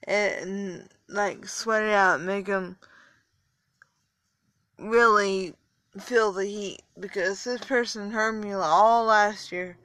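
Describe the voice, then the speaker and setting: Tired young woman rambling on her podcast, slow and halting, dry close sound. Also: medium pitch, fairly even intonation, fairly bright tone, dry recording. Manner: rambling, halting, frequent fillers and restarts. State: a little tired. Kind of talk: casual solo podcast talk.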